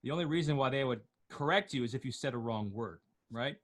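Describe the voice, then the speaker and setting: A man teaching an online class, slowly chanting Torah words and notes, then explaining them in quick, joking asides. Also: medium pitch. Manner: jokey, asks questions of the class.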